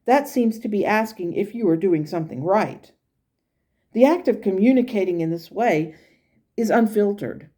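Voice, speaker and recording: Blunt pushy spirit guide, pitched up high, mellow tone, read out by a woman. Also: expressive, normal speed, close to an everyday voice. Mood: encouraging. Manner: blunt, encouraging, exasperated at times. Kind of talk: reading channeled messages aloud.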